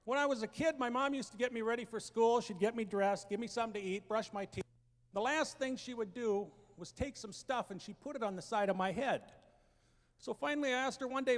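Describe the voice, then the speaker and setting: A man in his thirties telling family stories as a stand-up comedian, acting out the voices and building to shouted punchlines on an auditorium stage. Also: very high-pitched, brisk. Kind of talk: stand-up storytelling. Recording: long hall reverb.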